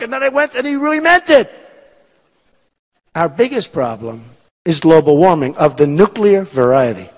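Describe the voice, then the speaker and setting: A man in his sixties delivers a rally speech, repeating his points with emphasis and boasting as he drifts between topics. His voice sits high and swings widely in pitch. Long reverb from a large performing arts hall trails each phrase. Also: big pitch swings, moderate pace. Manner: repetitive, emphatic, boastful, digressive. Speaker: political candidate speaking at a rally.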